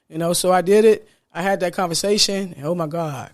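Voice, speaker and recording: This solo podcast host has a high-pitched voice and talks fast with few pauses. His casual, sincere monologue is upbeat and smiling, with "man" sprinkled in often.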